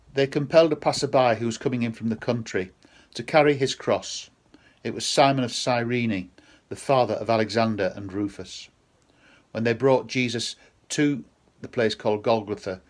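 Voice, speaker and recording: A man reading a Gospel passage aloud in a measured, solemn way. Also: lowish voice. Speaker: scripture reader.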